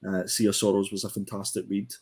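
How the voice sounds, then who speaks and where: This fast talker, a comic book podcast co-host, has a slightly low, slightly rough voice and a relaxed, casual approach to reviewing a comic. Ums fill his many hesitations, and he keeps restarting sentences.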